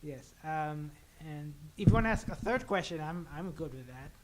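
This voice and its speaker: A man's voice: on the high side, animated, normal speed. A man in the audience of a convention panel, speaking awkwardly and nervously. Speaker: audience member.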